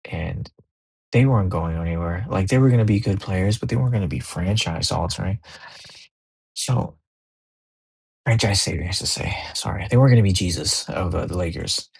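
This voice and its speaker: A young man talks casually on his own podcast, loose and profane, easily animated as he tells his stories. His voice sits low, with a gravelly, slightly husky edge. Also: normal speed. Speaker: podcast host. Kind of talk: casual monologue.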